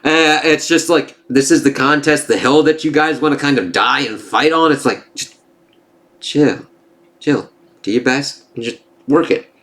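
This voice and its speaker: A man's voice: medium pitch, measured pace, fairly bright tone. A man giving a casual spoken comic book review, loose and profane. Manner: casual, swears, laughs at the jokes.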